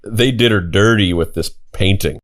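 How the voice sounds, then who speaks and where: A man's voice: fairly low pitch, moderate pace. A young man co-hosting a podcast, telling a story casually with lots of "like" and the odd swear. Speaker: podcast co-host. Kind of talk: casual chat.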